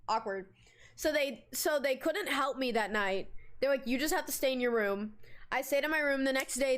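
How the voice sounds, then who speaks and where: High-voiced, animated young woman streamer. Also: smooth. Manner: animated, swearing, dramatic storyteller. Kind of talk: casual live-stream chat.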